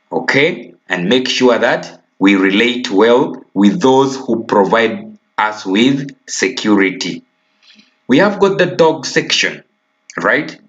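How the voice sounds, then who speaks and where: A man with a Ugandan English accent teaching a recorded primary school lesson, stressing key words and checking in with "okay?". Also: medium pitch. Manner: slow, emphatic, repeats key words and asks "okay?". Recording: dull lo-fi recording.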